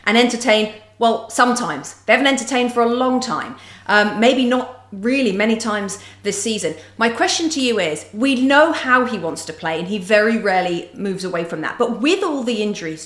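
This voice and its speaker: A middle-aged woman with a fairly high voice hosts a football podcast. She asks pointed questions and pushes back with lively emphasis. Her voice carries a roomy echo. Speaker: podcast host. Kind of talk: casual football discussion.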